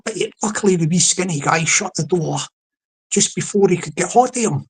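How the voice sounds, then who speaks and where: Scottish man, husky voice, chatty livestream host who repeats himself. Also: high-pitched, a little fast, low-quality recording. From Scotland. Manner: chatty, repeats words, many restarts. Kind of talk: rambling comedic live commentary.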